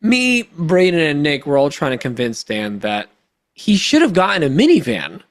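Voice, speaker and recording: A high-pitched man riffs playfully with his friends and laughs easily. His voice bounces around a lot, heard on a close podcast mic. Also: huge pitch swings, moderate pace. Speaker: podcast co-host. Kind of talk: casual banter among friends.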